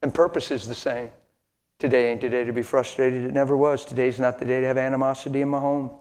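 A man in his sixties preaching a sermon, dropping to hushed near-whispers and then rising to emphatic lines, with folksy conversational asides. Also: mid-range voice, flat delivery, fast talker. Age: 60s. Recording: long hall reverb.

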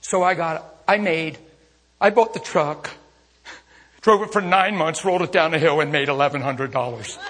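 A man preaching a sermon as a traveling minister, telling stories in an animated way, often laughing and breaking into shouts. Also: fairly high pitch, normal speed, slight background noise. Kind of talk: sermon storytelling. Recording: long reverb of a large hall.

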